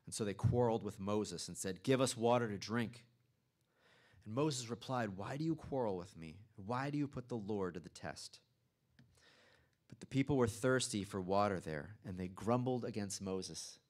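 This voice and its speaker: A male pastor delivering a sermon in a church with a fairly low voice. He reads scripture aloud, then unpacks it in a relaxed, conversational teaching manner with occasional asides. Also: normal speed.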